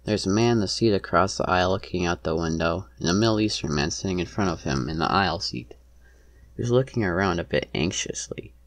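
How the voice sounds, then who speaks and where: Brief: male narrator, low and gravelly, earnest first-person storytelling. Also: no room sound.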